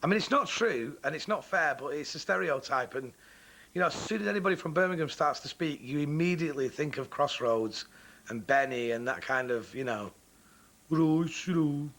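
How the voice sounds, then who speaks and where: Frank man, slightly high voice. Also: brisk, a bit bright. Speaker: interviewee. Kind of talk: casual opinion.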